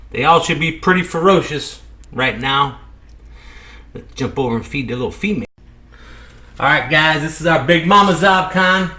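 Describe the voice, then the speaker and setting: This venomous snake keeper and channel host has a fairly high voice that sounds pushed and bright, speaking at normal speed but pausing often in a reverberant indoor snake room. Chatty and rambling, he gives a casual tour of his animals with commentary, frequently dropping "um" and "let me tell you."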